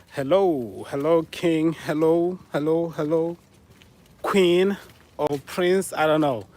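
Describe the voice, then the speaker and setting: A man with a Southern African accent, playfully teasing viewers as he answers their guesses in a casual live stream. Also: fairly high pitch. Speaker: livestream host reading chat.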